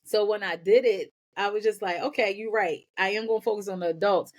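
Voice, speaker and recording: A woman guest on a podcast, telling her own story in energetic bursts and often repeating words as she goes. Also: mid-range voice, fairly quick. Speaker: podcast guest, nonprofit founder. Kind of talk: candid personal storytelling.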